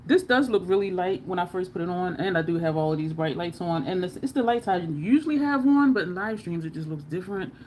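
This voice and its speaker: American woman, beauty livestream host, rambling chat with viewers, lower voice. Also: lively intonation, brisk, hardly any pauses, a little mellow, a little hiss or hum. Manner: chatty, rambling, talks straight to viewers as y'all. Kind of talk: casual live stream chat with viewers. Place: home makeup setup under bright lights.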